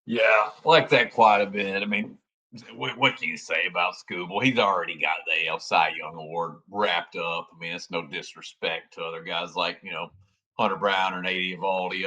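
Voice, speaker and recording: A man's voice: low voice, fairly even intonation, moderate pace, sharp tone. A man co-hosting a sports betting podcast, folksy and emphatic in casual chat.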